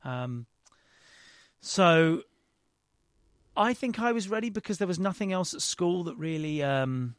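A man's voice: high-pitched, expressive, unhurried, long pauses, clear, resonant tone, no echo, clean studio sound. A man, a guest in an interview, telling a rambling, self-deprecating story with frequent restarts. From London, England. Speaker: actor and director guest. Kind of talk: casual interview chat.

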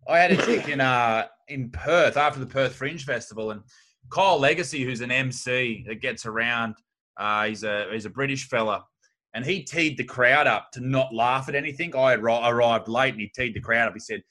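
A crude, blunt Australian man tells stories with a bright, forceful edge in his voice. He sounds like a stand-up comic guest chatting loosely and swearing freely. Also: mid-range voice, normal speed. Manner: blunt, crude, animated storyteller. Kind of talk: casual anecdote telling.

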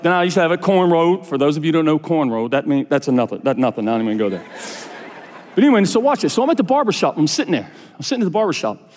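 A man preaching a sermon to his congregation, his voice sitting high and swinging widely as he tells stories. The sound carries a long reverb from a church hall. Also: racing, slight background noise. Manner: animated storytelling preacher, rising to high fervent peaks. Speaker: pastor.

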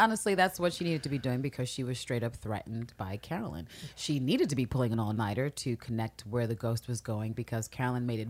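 Low-voiced woman on a podcast, opinionated, acts out the characters' lines. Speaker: podcast co-host. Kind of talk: casual TV recap chat.

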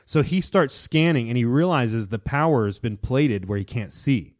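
A man's voice: mid-range voice, animated. Eager man retelling comic stories. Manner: enthusiastic, retells stories with quick quoted voices. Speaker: podcast co-host. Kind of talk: casual chat.

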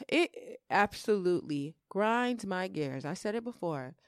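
A woman co-hosting a podcast, telling stories in a blunt, animated way with lots of swearing. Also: fairly low pitch, slow pace, no room sound, studio quality. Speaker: podcast co-host. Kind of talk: casual chat.

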